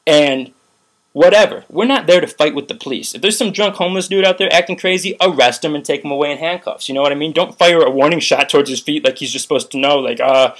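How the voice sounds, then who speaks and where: Young male vlogger, heated profane rant, rambling "like"s, slightly high voice. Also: fast, a bit bright. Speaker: vlogger recounting a protest. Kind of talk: ranting video commentary.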